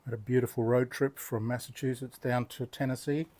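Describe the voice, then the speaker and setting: A man's voice: medium pitch, steady tone, fairly quick, dark tone, no echo. An older Australian man, a knife-sharpening host, chatting casually and telling rambling, good-humoured stories while he demonstrates.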